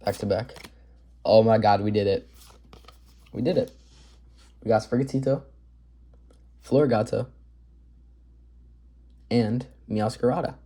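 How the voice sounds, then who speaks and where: A man's voice: lowish voice, fairly even intonation, a little slow, pauses often, warm tone. A man hosting a casual card-opening video, upbeat and chatty, rattling off card names as he goes. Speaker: card collector video host. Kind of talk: casual pack-opening commentary.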